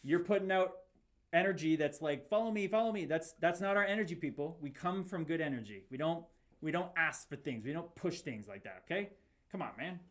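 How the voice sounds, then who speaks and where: A man's voice: a little high, lively intonation, a little fast, a bit bright. A man in his thirties, a former fighter from Canada, hosting a livestream. He reads chat aloud and talks emphatically, repeating himself like a preacher. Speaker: podcast host reading live chat. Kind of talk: livestream talk.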